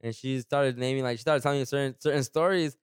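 A man's voice: mid-range voice, fairly even intonation, quick pace, clean tone, no echo, studio quality. Young man, slangy casual chat. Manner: slangy, profane, restarts often.

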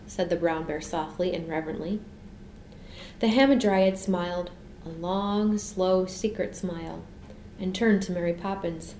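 A woman narrating a children's storybook audiobook in a calm, measured way. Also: fairly low pitch. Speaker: audiobook reader. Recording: roomy echo, faint background noise.

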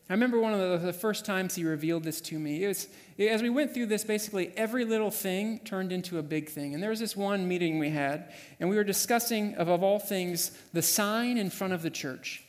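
Male pastor, higher voice, storytelling sermon, animated, echoing church hall. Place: church sanctuary.

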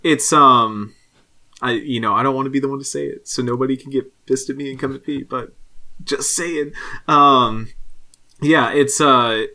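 A man's voice: medium pitch, steady tone, normal speed, sharp tone. A man chatting casually as a podcast guest, making joking, wry asides. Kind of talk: casual chat.

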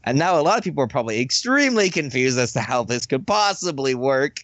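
A man in easygoing conversation about his role-playing characters, mid-pitched and often laughing as he trails off. The sound is dry and close, with no room around it. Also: very animated, fast, a bit bright, dry recording. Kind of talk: casual chat about tabletop games.

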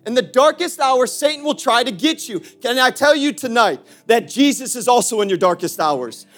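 Male preacher, very high voice, fiery and playful, soft music underneath. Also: expressive, normal speed. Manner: impassioned preaching with sudden shifts from shouting to hushed; playful asides to the congregation. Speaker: pastor. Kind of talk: sermon.

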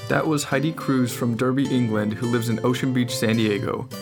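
A man hosting a podcast, reading a brisk, friendly scripted introduction. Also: mid-range voice, steady tone. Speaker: podcast host. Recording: guitar music underneath. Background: guitar music.

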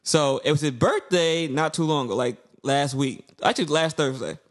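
A man's voice: on the high side, moderate pace. A young man, co-hosting a casual podcast chat, telling stories with slang and acted-out quotes. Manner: animated storyteller, slangy, acts out quotes. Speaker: podcast co-host.

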